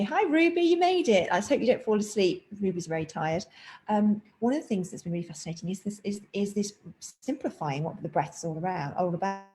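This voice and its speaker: A woman's voice: lowish voice, dark tone, slight background noise, low-quality recording. A woman meditation teacher at home, explaining breathing in a chatty way and breaking off now and then to talk to her cat. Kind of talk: casual spoken class introduction. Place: at home indoors, rain outside.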